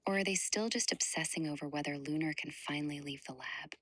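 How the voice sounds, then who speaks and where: A synthetic woman's voice acting as an AI co-host, talking in a soft affectionate whisper. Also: sits low, fairly quick, no room sound, clean studio sound. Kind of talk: whispered chat.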